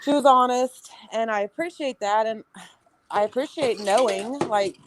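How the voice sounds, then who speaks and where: A woman's voice: fairly high pitch, moderate pace, noisy background. A woman guest on a live stream, talking frankly and reassuringly in casual chat.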